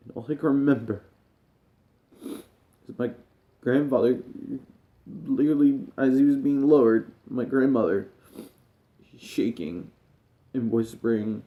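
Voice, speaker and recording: A man with a warm, mellow voice talks straight to his viewers while grieving and close to tears. His speech is halting and emotional, with phrases that often fade to a near hush. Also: medium pitch. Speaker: gaming streamer. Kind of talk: personal talk to camera.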